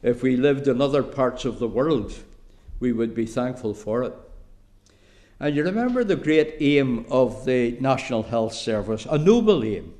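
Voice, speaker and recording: A man with an Irish accent preaching a sermon slowly and deliberately, with emphatic pauses. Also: medium pitch, expressive, warm tone.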